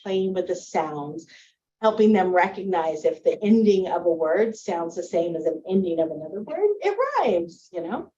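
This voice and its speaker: A woman's voice: medium pitch, dark tone, lo-fi sound. Woman teacher explaining reading skills. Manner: friendly, explanatory, with spoken examples. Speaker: reading teacher presenting to parents. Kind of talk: presentation to parents.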